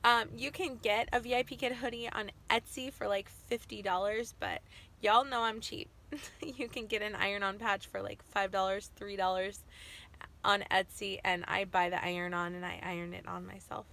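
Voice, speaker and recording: Woman, young adult, casual vlog chat, losing her voice, upbeat, rambling, bright tone. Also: mid-range voice, fairly even intonation, moderate pace. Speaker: vlogger.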